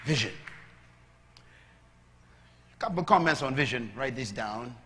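A man preaching a sermon as a pastor, moving from calm teaching to loud, shouted preaching. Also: medium pitch, measured pace, slight background noise. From Bahamas. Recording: long hall reverb.

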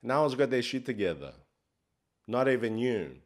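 A man's voice: medium pitch, big pitch swings, moderate pace, close to an everyday voice. A man playing a brash, crude life coach, swearing in a swaggering, mock-profound comic monologue. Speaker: comedy character host.

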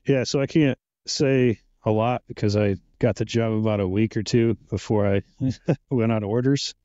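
A laid-back man answers interview questions in a low, flat voice, pausing often on "uh" and "you know". His tone is dark and mellow. The recording is dry and slightly muffled. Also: no room sound. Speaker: guest, penetration tester.

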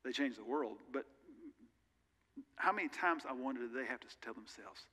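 An animated male pastor, medium in pitch and pushed and bright in tone, preaches at normal speed. His sermon feels earnest and conversational, with candid personal asides, all washed in the long reverb of a large church hall.

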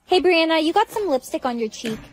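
A synthetic woman as a lively, teasing girl. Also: very high voice, brisk, a little hiss or hum.

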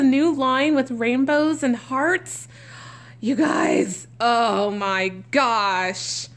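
A woman's voice: on the high side, lively intonation, drawn-out words. A woman vlogger chatting through an unboxing, gushing and exclaiming with frequent gasps. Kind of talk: unboxing vlog chat.

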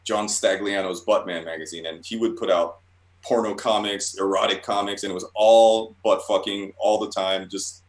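A man's voice: fairly low pitch, fairly even intonation, normal speed. A man, a guest cartoonist, telling loose and profane stories in a casual interview and laughing at himself. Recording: roomy echoey room.

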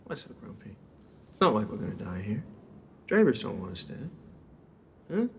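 A man's voice: on the low side, big pitch swings, normal speed, darkish tone, in a large hall, a little hiss or hum. An actor playing a playful, cocky male consultant in a TV drama, talking in a teasing, breezy, coaxing way. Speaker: police consultant. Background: faint film score music.

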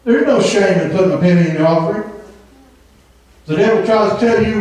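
A man preaches with a fervent, emphatic delivery, peppering his sermon with amens and now and then singing a phrase. His voice sits high for a man. He sounds far from the mic in a very echoey church hall. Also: a little fast, a little mellow. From Southern Indiana. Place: church sanctuary.

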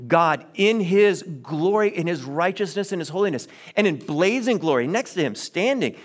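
Pastor, man, higher-pitched voice, earnest sermon delivery with wry asides. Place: church sanctuary.

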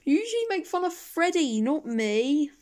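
A woman voicing an excitable penguin friend who is quick to take offense, in a toy play-acting style. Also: high voice. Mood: offended.

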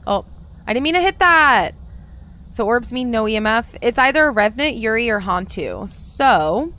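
A woman's voice: fairly high pitch, pushed and bright. A woman streaming a game, chatting casually and talking to her viewers by name. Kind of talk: casual live-stream chat while gaming.

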